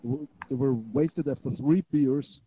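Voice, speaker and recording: A man telling an anecdote in casual livestream chat, halting and profane with restarts. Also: mid-range voice, mellow, husky, dry recording. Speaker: livestream co-host. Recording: dull lo-fi stream audio.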